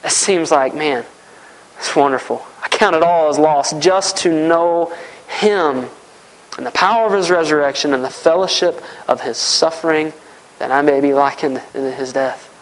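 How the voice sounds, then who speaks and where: A man's voice: fairly high pitch, moderate pace, low-quality recording. A man preaching a sermon, earnest and repetitive, often voicing heartfelt prayers aloud.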